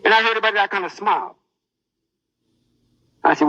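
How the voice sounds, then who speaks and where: A man preaching with a very high, bright voice that swings up and down. He speaks in a boastful, menacing sermon. The sound is dry and dull, like an old lo-fi tape. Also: fairly quick, dry recording.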